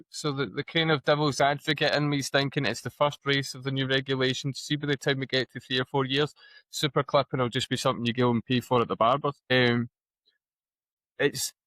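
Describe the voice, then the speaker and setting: A man's voice: medium pitch, fairly bright tone. A man with a Scottish accent co-hosting a casual podcast, with a dry, sarcastic sense of humour. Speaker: podcast co-host.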